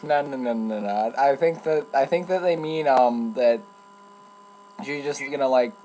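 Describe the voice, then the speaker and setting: A man's voice: medium pitch, a little slow, mellow, a little hiss or hum, poor audio. A man chatting casually beside a reader, laughing and dryly correcting details. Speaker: co-host listening. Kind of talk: casual chat.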